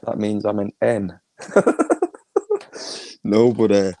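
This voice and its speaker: Crude, mocking Liverpool streamer, low and gravelly, dry close sound. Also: male voice, little pitch movement, slow pace, mellow, no echo, rough recording. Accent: Liverpool (Scouse). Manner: crude, mocking, laughs often. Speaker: livestream host. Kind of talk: casual ranting livestream.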